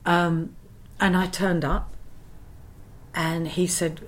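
A woman's voice: lowish voice, slow. A woman from London, an actress telling stories in a casual interview and acting out the lines she quotes. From London, England. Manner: animated anecdotal storyteller, acts out quoted lines.

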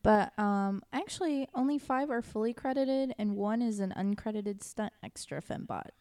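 A woman's voice: medium pitch, lively intonation, moderate pace, a little mellow, dry recording. A woman co-hosting a podcast, chatting playfully with frequent giggles. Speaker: podcast co-host. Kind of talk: casual chat.

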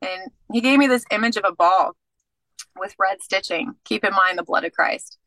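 A woman guest telling her faith testimony in casual, animated storytelling, acting out bits of dialogue. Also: medium pitch, normal speed, no echo, poor audio.

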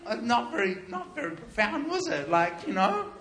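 A man preaching, telling a lively story and acting out the quoted lines with laughter. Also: high-pitched, moderate pace, few pauses, a little hiss or hum. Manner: animated, laughing, acts out quotes. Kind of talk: storytelling sermon.

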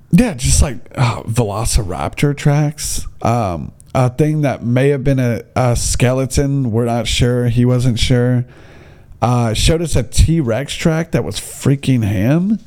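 A man's voice: medium pitch, dark tone. A young man, telling a comic story in a rambling way, full of fillers and restarts. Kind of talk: casual comedic storytelling.

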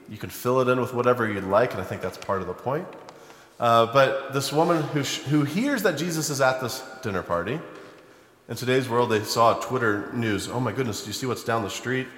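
A man preaching a sermon, retelling a Bible story in a conversational storytelling way and turning animated when he acts out the people in it. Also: medium pitch. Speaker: pastor. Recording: echoey hall, long reverb.

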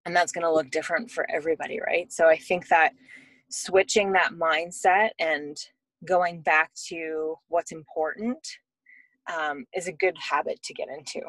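A woman's voice: sits low, fairly even intonation, moderate pace, a bit bright, dry recording, rough recording. A woman in her thirties, a mother and podcast guest, talking in a reflective, storytelling way. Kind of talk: casual podcast conversation.

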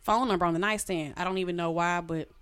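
A woman telling a personal story in casual chat, animated and frank, swearing freely. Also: fast, clear, resonant tone. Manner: animated, swoops her voice high when reenacting.

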